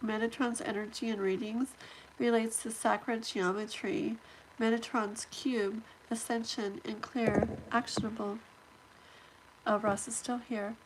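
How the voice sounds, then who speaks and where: A woman with a stuffy nose hosting a casual live stream, reading viewer comments aloud and reacting in a chatty, excitable way. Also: a little high, unhurried, noisy background. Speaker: livestream host.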